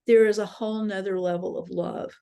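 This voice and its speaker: Brief: woman voicing a gentle departed dad, soft reassuring tone, a touch of fry. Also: high voice, steady tone, a little fast. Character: radiant kindly departed father.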